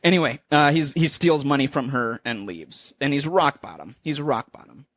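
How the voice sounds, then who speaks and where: A man's voice: mid-range voice, lively intonation, moderate pace, fairly bright tone, dry recording. A man co-hosting a casual podcast, giggling and self-deprecating while rambling through a recap from memory. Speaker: podcast co-host. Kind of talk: casual chat.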